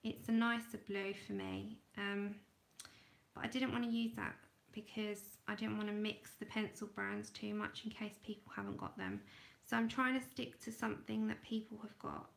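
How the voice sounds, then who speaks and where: A woman hosting an art livestream, chatting casually and thinking aloud as she draws, sometimes trailing off into quiet murmurs. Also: mid-range voice, little pitch movement, moderate pace, gravelly, reverberant. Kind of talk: casual livestream chat while drawing.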